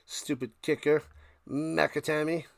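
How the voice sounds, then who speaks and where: High-voiced, slow-talking man calling a game on stream. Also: fairly even intonation, vocal fry, no room sound, studio quality. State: coughing, clearing throat. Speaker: live stream host doing play-by-play. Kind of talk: casual live play-by-play and chat.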